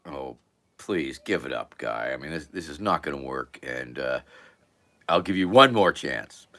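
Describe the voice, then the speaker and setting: A man voicing a skeptical, gruff male bartender in a told joke, dismissive in manner. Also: low-pitched, a little slow. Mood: weary. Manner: dismissive, then shouting.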